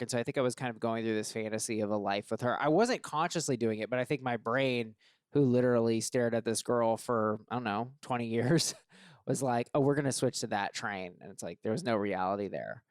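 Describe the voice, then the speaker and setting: A man hosts a podcast and speaks in casual, earnest chat, stopping and restarting as he explains himself. His voice is smooth and clear at a middle pitch. It is recorded close and dry. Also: brisk, dry recording. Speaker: podcast host.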